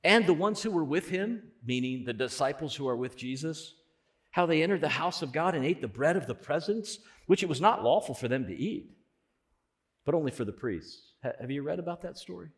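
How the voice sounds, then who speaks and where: A man preaching a sermon as pastor, conversational, swelling loud on key points. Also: mid-range voice, expressive, normal speed.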